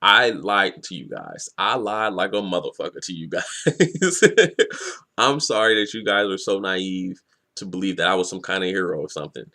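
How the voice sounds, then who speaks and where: A man's voice: low-pitched, big pitch swings, moderate pace, bright, forceful tone, exaggerated voice. A man voicing a defiant young male pirate in a casual, blunt way while retelling a comic.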